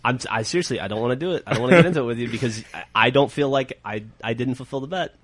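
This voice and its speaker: A man's voice: medium pitch, very fast. A young man hosting a casual podcast chat, a rambling and profane storyteller. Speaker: podcast host.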